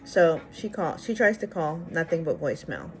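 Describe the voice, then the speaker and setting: A woman's voice: low-pitched, moderate pace, faint music behind. A young woman vlogger telling a personal story casually, acting out the dialogue with exasperated asides. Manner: animated, acts out the dialogue.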